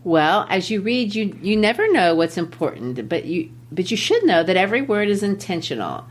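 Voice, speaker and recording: A woman podcast host who reads a story aloud in a measured, deliberate way, pausing between phrases, then discusses it like a teacher. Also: medium pitch, big pitch swings. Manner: measured, deliberate reading with pauses.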